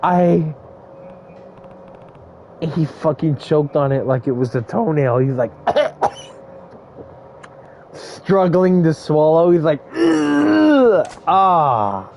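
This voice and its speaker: A man's voice: a little high, slow pace, pauses often, dark tone, a little hiss or hum, poor audio. A man casually commenting on a game he plays, rambling into crude, joking stories. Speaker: gaming streamer. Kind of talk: casual let's-play commentary.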